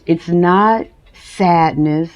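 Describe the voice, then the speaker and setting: A woman's voice: on the low side, extremely slow. A woman hosting her own podcast, talking candidly and emotionally at home and laughing now and then. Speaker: podcast host. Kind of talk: personal monologue.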